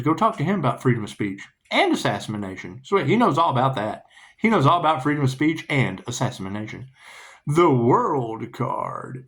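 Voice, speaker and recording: With a mid-range, fairly bright voice, a man rambles through a spiritual tarot talk. Profanity, laughter, and hummed snatches of melody fill the gaps between his ideas.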